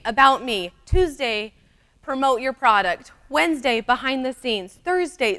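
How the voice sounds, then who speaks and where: A woman's voice: fairly high pitch, a bit bright. A young woman giving a chatty, upbeat conference talk, speaking straight to the audience. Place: conference room.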